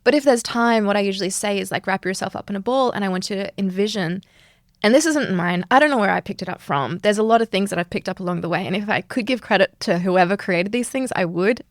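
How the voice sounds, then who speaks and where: A woman speaks in a reflective interview, earnest and animated, laughing often. Her voice has a gravelly, fry-tinged edge. The sound is close and dry. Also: mid-range voice, fast talker, dry recording. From Australia. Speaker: yoga instructor, guest.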